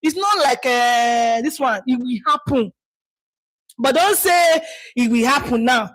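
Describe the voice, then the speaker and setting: A woman's voice: high voice, a little slow, a bit bright, no room sound, low-quality recording. A woman with a Nigerian accent leading an online community call, talking bluntly and scolding her listeners. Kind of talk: live call talk to members.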